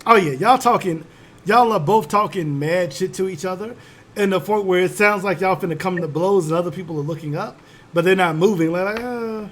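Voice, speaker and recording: A man narrating as game master in a casual, profane, animated storytelling style. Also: sits high, fairly quick.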